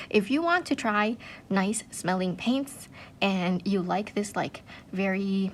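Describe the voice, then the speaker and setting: A woman's voice: mid-range voice, unhurried, slight background noise. A woman hosting an art channel, gushing in casual chat, full of "like" and "um" fillers. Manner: chatty, gushing, many "like" and "um" fillers.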